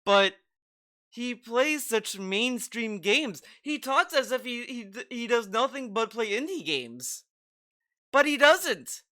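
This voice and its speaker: Bright-voiced man mocking a video. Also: extremely high pitch, sing-song, slow. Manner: incredulous, mocking, swears. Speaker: streamer reacting to a video. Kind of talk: casual reaction commentary.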